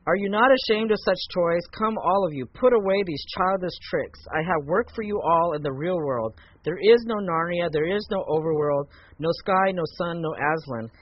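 Man voicing a scheming storybook witch queen, raised and loud, taunting, dull lo-fi sound. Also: high-pitched, normal speed, few pauses. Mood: commanding. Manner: taunting, reading aloud from a book. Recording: muffled lo-fi recording.

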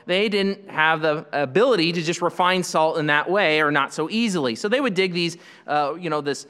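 A man's voice: high-pitched, a bit bright, big-room sound. A man preaching a sermon in a conversational teaching style, asking rhetorical questions and often restarting his sentences.

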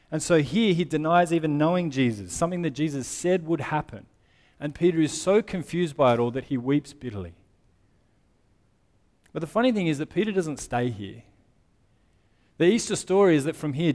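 A man's voice: a little high, darkish tone. Man preaching in an echoing hall. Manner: explains scripture in a conversational way, reading passages aloud. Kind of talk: sermon. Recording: long hall reverb.

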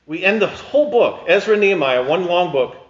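A man's voice: sits high, lively intonation, brisk, highs cut off. A male pastor giving a sermon in a conversational, emphatic way, often restarting his sentences.

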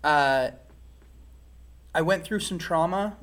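Male interview guest, fairly high voice, candid and reflective personal testimony. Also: slow, fairly bright tone, a little hiss or hum. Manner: reflective, frank storytelling.

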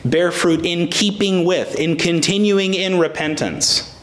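A man's voice: sits high, measured pace, a bit bright. A man preaching a sermon to a congregation, emphatic, asking rhetorical questions and restarting words as he searches for them. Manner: addresses congregation members by name. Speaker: pastor.

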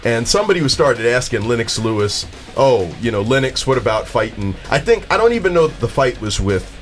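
A man's voice: medium pitch, very animated, brisk, faint music behind. A man hosting a radio panel chat, telling a rambling story with laughter. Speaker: radio show host.

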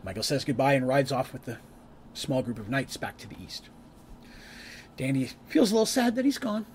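A man's voice: mid-range voice, very animated, normal speed, a little hiss or hum. A man casually recapping a tabletop campaign, rambling with chatty asides and restarts.

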